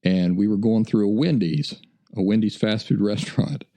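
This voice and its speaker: A man's voice: fairly low pitch, normal speed, warm tone. A man hosting a podcast, telling a casual, rambling anecdote in a folksy way. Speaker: podcast host.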